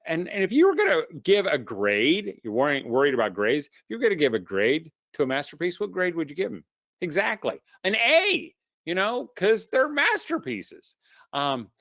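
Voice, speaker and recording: A middle-aged man talks to homeschooling parents in a relaxed, motivational webinar style, telling stories with plenty of "you know" along the way. His voice is very lively and moves from loud, high bursts down to low, quiet asides. The recording is dry and close, with no room echo. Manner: folksy storyteller, many "you know" fillers. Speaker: homeschool speaker. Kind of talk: casual motivational webinar talk.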